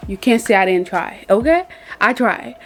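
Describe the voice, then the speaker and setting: A woman's voice: fairly high pitch, animated, normal speed, soft background music. A young woman reviewing makeup in a casual vlog, chatty and laughing often, repeating words as she goes. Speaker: beauty vlogger.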